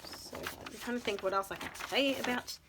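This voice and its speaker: A woman's voice: a little high, brisk, heavy background noise. Rambling woman, casual vlog. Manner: rambling, incredulous, laughing asides. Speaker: vlogger. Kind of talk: casual chat to camera.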